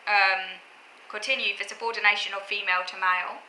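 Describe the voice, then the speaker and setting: Bright-voiced woman lecturing in an echoey room. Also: medium pitch, steady tone, a little fast, slight background noise. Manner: earnest, lecturing, talks in short restarted phrases. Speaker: vlogger. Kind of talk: explaining opinions to camera. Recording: echoey room with faint ambience.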